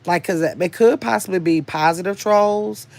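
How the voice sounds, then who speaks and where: A woman's voice: fairly low pitch, normal speed, vocal fry, darkish tone. An older woman hosting a casual livestream, chatting and rambling as she reads viewers' comments aloud. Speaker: livestream host reading chat.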